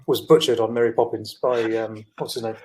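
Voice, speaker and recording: Fast-talking man, dry joking co-host. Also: mid-range voice, fairly even intonation, darkish tone. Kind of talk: casual livestream chat. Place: remote in Dubai.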